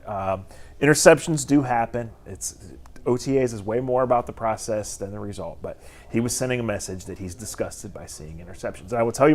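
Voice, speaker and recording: A man, a sports reporter, chatting on a sports talk show and laughing easily. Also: on the low side.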